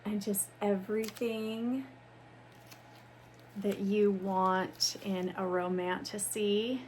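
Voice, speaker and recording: A young adult woman hosting a book channel, chatting casually and gushing with excitement as she unboxes books at home. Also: mid-range voice, takes it slowly, a little hiss or hum. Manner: gushing, excited, calls viewers "you guys". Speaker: booktube host. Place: home room with ring light.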